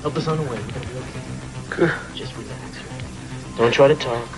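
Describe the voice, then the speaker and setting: An actor playing a distraught man who tries to keep a dying friend calm in a 1980s soap opera. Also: medium pitch, fairly quick, over music, natural voice. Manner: urgent, pleading.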